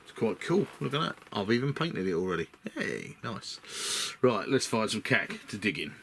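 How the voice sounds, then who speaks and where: Sorting through parts for his hobby vlog, this middle-aged British miniature builder rambles cheerfully and pokes fun at himself. His fairly low, creaky voice is very animated and fairly bright, at a moderate pace, over a noisy, clicky workshop recording.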